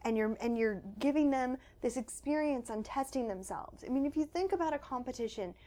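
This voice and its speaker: Woman guest, author, slightly high voice, animated explainer. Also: a little fast. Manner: animated, acts out quoted children's voices. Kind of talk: conversational interview. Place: home.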